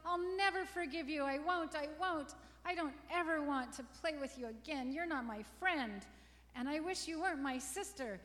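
A woman's voice: extremely high pitch, a little slow, few pauses, bright, forceful tone, pitched above the performer's own voice, exaggerated voice. A woman voicing a stubborn, whiny young girl who whines and shrieks when upset. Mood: furious. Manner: whining, then shrieking in tears. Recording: long reverberant room echo.

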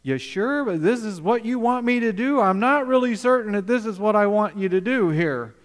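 A man's voice: high-pitched, lively intonation, big-room sound, pitched above the performer's own voice. A preacher voicing a reluctant young male prophet who whines and pleads, unsure of himself. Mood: hesitant. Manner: whining, pleading, drawn-out.

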